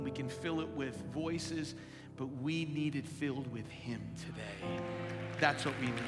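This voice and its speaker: A pastor preaching a sermon to his congregation in a large church, emphatic and animated, asking the crowd questions. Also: medium pitch. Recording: long hall reverb with live music behind. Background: instrumental music.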